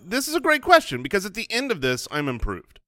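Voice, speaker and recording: A man's voice: high-pitched, wildly swooping pitch, fast, pushed and bright, dry recording, studio quality. A man co-hosting a casual chat show, rambling and self-deprecating with a joking edge. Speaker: podcast co-host.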